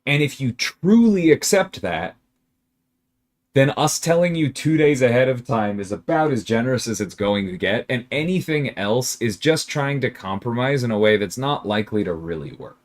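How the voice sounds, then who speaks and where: A man's voice: mid-range voice, normal speed. A man hosting a casual game livestream, reading chat questions aloud and answering them. His voice rises and falls a lot as he talks, and he turns emphatic and exasperated when he pushes back. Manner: animated, emphatic, exasperated rants with laughter.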